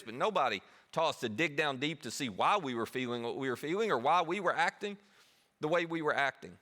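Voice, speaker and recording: Conversational male pastor, higher voice. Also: lively intonation, brisk, pushed and bright. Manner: conversational, self-deprecating. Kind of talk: sermon.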